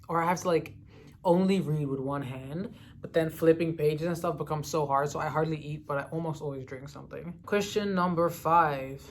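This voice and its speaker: A woman's voice: low voice, slight background noise. A young woman from the Netherlands chatting casually as a book vlogger, answering questions with lots of fillers and little laughs. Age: young adult. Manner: chatty, many "like" fillers, giggly asides. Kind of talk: casual chat answering a reading tag.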